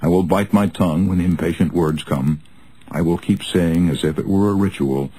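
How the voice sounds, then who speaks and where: A man reading a nonfiction audiobook aloud in an earnest, measured way with expressive rises. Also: sits low, breathy edge, no room sound, poor audio. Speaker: audiobook narrator.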